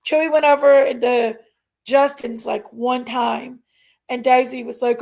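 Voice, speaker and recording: A woman's voice: a little high, level tone, normal speed, gravelly, a little mellow. A woman hosting a casual livestream, ranting indignantly and emphatically while reading chat aloud. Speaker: live stream host.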